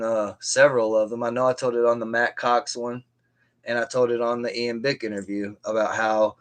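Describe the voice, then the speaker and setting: A man on a live stream telling a story from his own life in a casual, rambling way, with many restarts and side remarks. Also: mid-range voice. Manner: rambling, with frequent restarts and asides.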